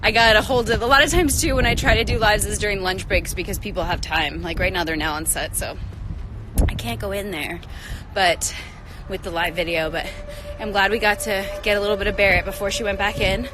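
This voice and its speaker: A woman's voice: medium pitch, brisk, background noise. A woman hosting a casual livestream outdoors by the trailers on a film set, out of breath, bubbly and rambling, talking into a phone held at arm's length. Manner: bubbly, rambling, laughs often.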